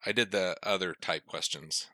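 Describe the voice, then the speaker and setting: A man co-hosting a casual podcast, trading jokes and quick banter. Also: low voice, fairly even intonation, sharp tone. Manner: joking banter. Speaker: podcast co-host. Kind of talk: casual chat.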